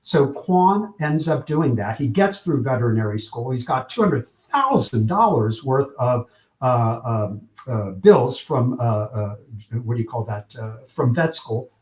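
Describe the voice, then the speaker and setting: A man telling a story with energy in an interview, acting out the quotes with lively shifts in tone. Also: medium pitch, a little slow, roomy sound. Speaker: publicist, podcast guest.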